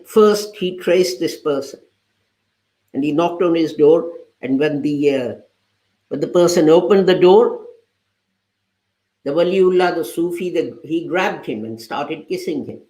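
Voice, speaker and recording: A man's voice: on the high side, darkish tone. A man giving a Friday sermon who retells a parable and quotes its people as he goes. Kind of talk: sermon with storytelling. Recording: roomy, echoey sound.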